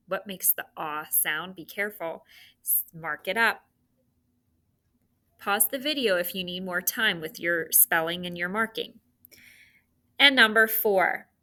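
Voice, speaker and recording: A woman teacher dictating spelling sounds and words to students, with slow, clearly enunciated delivery. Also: fairly low pitch, bright, forceful tone.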